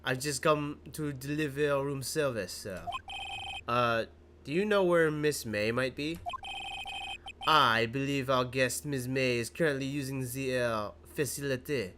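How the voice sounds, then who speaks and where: A man's voice: medium pitch, measured pace, noisy background, natural voice. A man voicing a polite male hotel bellboy in a put-on French accent, fussy and formal, over game music. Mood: courteous. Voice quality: loud and fussily formal.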